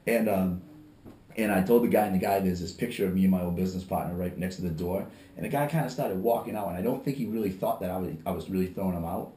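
Fast-talking man telling rambling stories. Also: sits low, warm tone. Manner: rambling, acts out customers in quick quotes. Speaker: restaurant owner, podcast guest. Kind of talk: casual storytelling. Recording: roomy echo.

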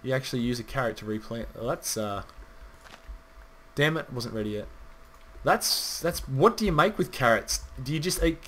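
A man's voice: medium pitch, expressive, moderate pace, fairly bright tone, a little hiss or hum. A man rambling casually through gameplay commentary, swearing now and then and chatting straight to his viewers. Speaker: gaming channel host.

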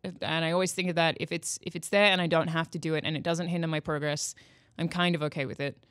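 A man's voice: fairly high pitch, flat delivery, fast talker, fairly bright tone, clean tone, dry recording, clean studio sound. A man co-hosting a casual gaming podcast who talks through both sides of an argument. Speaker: podcast co-host. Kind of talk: casual panel chat.

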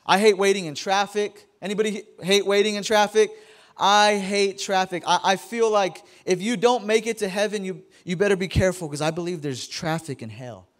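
High-voiced joking pastor. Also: male voice, a little fast. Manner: casual, joking, talks to the congregation; stammers and repeats words. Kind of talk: sermon. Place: church sanctuary.

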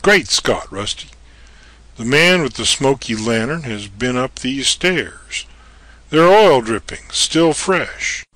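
Guy playing a level-headed adventurer in an audio drama, steady, slow-paced, bossy. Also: mid-range voice, dry recording. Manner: brisk, commanding, level-headed. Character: bold adventurous man exploring a castle.

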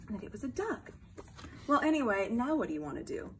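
A woman reading a picture book aloud to her baby at home, playful, switching between bright exclamations and soft whispers. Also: a little high, wildly swooping pitch, quick pace, noisy background. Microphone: camera mic.

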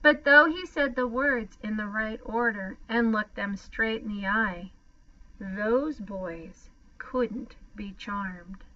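Expressive woman storybook reader, slow and bright; lo-fi, muffled recording. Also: medium pitch. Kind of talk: children's storybook read-aloud. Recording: slightly muffled lo-fi sound.

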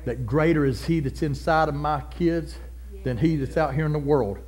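Middle-aged pastor guy preaching, pretty high voice, folksy talk, gets loud and fired up. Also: normal speed. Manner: fervent, builds to loud passionate preaching; folksy, down-to-earth phrasing. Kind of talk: sermon.

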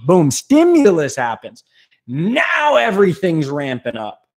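A man hosting an aquarium channel, talking in an animated, rambling, jokey way on a live stream. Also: a little high, unhurried, soft background music. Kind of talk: casual live-stream talk.

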